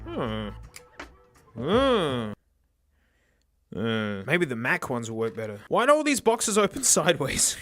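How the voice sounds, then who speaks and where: A young man doing a sarcastic, animated unboxing review, breaking into shouts and laughs. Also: medium pitch, slow pace, pauses often, faint music behind. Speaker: tech reviewer.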